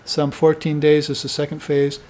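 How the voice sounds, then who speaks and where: A man giving a spiritual dharma talk to students in an unhurried, conversational way, often tagging his points with "you see". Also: fairly high pitch, completely flat delivery, a little mellow, slight background noise. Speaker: spiritual teacher.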